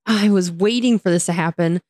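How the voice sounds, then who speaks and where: Casting: young American woman, co-host, giggly and playful, slightly low voice, dry close sound. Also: brisk, a little mellow, no echo. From United States. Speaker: podcast co-host. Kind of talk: casual chat.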